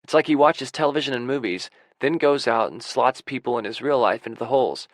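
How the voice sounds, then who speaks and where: A man narrating a first-person audiobook in a wry, gruff manner on a close studio mic. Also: medium pitch, brisk, dry recording.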